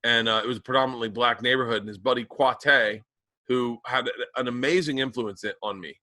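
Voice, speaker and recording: A man's voice: mid-range voice, fairly even intonation, a little fast, sharp tone, dry recording. A man who grew up in the American South, rambling through profane stories in a casual podcast chat. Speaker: podcast co-host.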